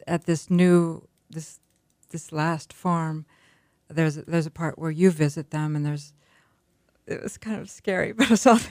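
A woman interviewer talks in a very low voice. She is halting and restarts her sentences often. The recording is dry and close. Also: no echo. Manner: hesitant, with many restarts. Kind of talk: conversational interview.

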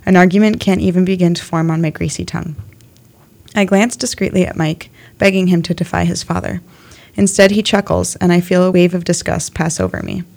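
A young woman of eighteen reading her own literary essay aloud in a steady, measured way. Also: lowish voice, vocal fry. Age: young adult.

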